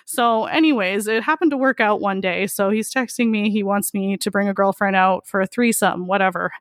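A woman's voice: mid-range voice, brisk, no room sound, clean studio sound. A woman telling a story as a podcast guest, candid and laughing often, with lots of "like". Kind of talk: casual storytelling interview.

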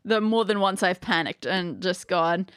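A woman's voice: on the low side, moderate pace, clean tone, no room sound. Woman, podcast co-host, dry close sound, chatty and self-deprecating. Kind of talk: casual chat.

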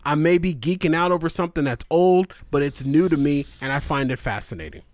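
A man co-hosting a podcast, telling stories in an excited casual chat with frequent swearing and laughter. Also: a little high, fairly quick, no echo. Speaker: podcast co-host.

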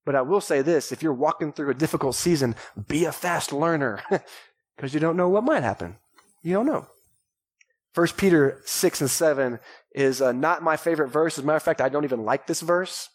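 A man in his thirties from Texas, a pastor preaching a lively sermon to a congregation and calling out to them. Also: mid-range voice. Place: church sanctuary before a congregation. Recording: live church recording.

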